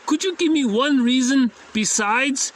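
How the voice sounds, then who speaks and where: A man putting on a German accent to play a stern older male psychoanalyst, speaking slowly and with mock seriousness. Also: very high-pitched, a little hiss or hum, voice pushed up. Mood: dry, probing. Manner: slow, deliberate, mock-serious.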